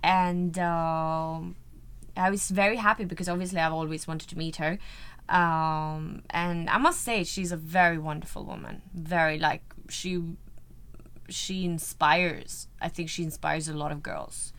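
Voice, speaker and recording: A woman's voice: deep voice, fairly even intonation, a little slow, fairly bright tone, smooth. A woman with a European accent, an actress chatting as a guest in an interview, gushing and full of "like" and "you know". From Sweden. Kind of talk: casual interview chat.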